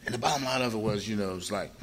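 An older man from Ohio telling his own story in a loose, rambling way, jumping his voice up high when he acts out what people said. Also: rapid-fire. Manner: animated, acts out quoted people with a raised voice; loose, rambling with frequent "you know" asides. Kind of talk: personal storytelling.

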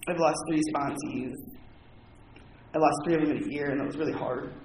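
A man with a fairly high voice gives a heartfelt, candid personal testimony to a roomful of people, talking loosely with lots of "like". The sound is echoey and carries a lot of background noise. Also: fairly even intonation, fairly quick, a little mellow. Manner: candid, heartfelt storytelling with frequent "like". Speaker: recovery meeting speaker. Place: meeting room with an audience. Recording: echoey, noisy room recording.

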